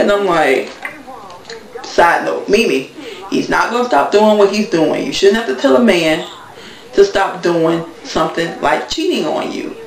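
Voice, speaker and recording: Woman vlogger, blunt and gossipy casual recap, a bit of fry, recorded off-mic. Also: fairly low pitch, lively intonation, measured pace, recorded from a distance. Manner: blunt, gossipy, talks straight to viewers. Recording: echoey room, voice from off-mic.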